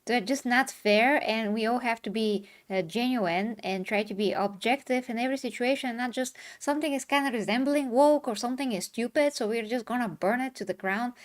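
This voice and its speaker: A woman's voice: on the high side, fairly quick, few pauses. Chatty woman hosting a discussion. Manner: rambling, restarts mid-sentence, reads viewer comments aloud. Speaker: host. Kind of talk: casual chat.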